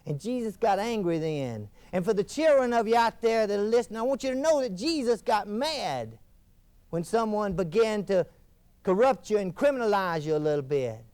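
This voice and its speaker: An actor playing a fiery male TV preacher, delivering a folksy fire-and-brimstone sermon with wild swings in pitch. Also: animated, moderate pace, a little mellow, clear, resonant tone. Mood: preaching. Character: fiery male TV preacher thundering about damnation. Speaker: televangelist. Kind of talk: scripted mock TV sermon.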